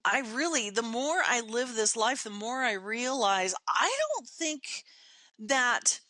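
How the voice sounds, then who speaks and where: An older woman with a bright, ringing voice pitched a little high talks in a lively, emphatic way. She laughs easily and tells stories as a podcast guest in casual chat, with a dry, close sound. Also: slow, no room sound. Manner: animated storyteller, acts out her own inner voice.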